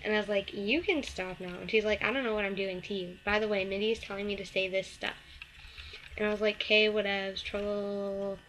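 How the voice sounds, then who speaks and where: Teen girl vlogger, rambling gossip story, mid pitch, faint hiss behind her. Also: flat delivery, fast talker, fairly bright tone, poor audio. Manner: chatty, lots of "like" and "um", acts out the other girl in a snippy higher voice. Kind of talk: casual storytelling to camera.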